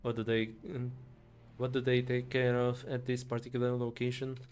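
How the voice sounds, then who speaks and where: A man's voice: mid-range voice, monotone, moderate pace, a little mellow, faint music behind, lightly acted. Dude reading a chill curious dwarf engineer, pretty much his normal voice. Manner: reading game dialogue aloud.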